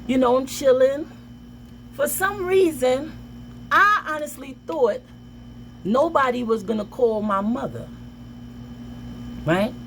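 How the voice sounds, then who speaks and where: A woman vlogger telling a personal story in a casual, animated way, with dramatic outbursts. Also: high voice, slow pace, pauses often, slight background noise.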